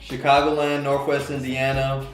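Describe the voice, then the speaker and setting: A man's voice: mid-range voice, monotone, moderate pace. A man, a guest who owns a business, talking plainly and matter-of-factly about his work. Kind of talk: casual chat. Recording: echoey room, distant mic, faint music.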